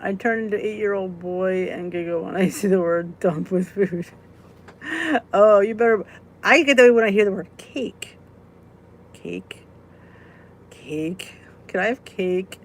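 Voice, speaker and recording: A chatty woman hosts a relaxed live stream, answering viewers one by one. She giggles easily and keeps an easygoing, talkative flow. Her voice sits at an ordinary middle pitch. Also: normal speed, a little hiss or hum. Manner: giggly, chatty, answers comments as they come. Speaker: weight-loss vlog host.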